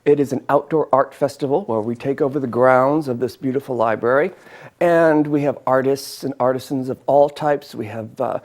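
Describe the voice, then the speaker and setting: A man's voice: medium pitch, a little mellow. Chatty man hosting a cooking show. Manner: chatty, enthusiastic, eats and talks with mouth full. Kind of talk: casual cooking demonstration.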